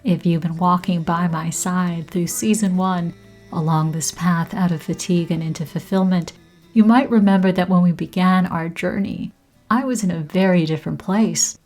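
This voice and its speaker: A woman hosting her podcast in slow, soft scripted narration that often drops to a whisper. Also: on the low side, steady tone, faint music behind, low-quality recording. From Canada. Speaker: podcast host.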